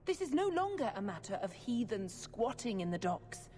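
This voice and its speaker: An actress playing a fanatical middle-aged priestess in a video game, speaking in a fervent, accusing, sermon-like manner. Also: female voice, a little high, sing-song, normal speed, mellow. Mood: zealous. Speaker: priestess character. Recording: long reverb with faint noise.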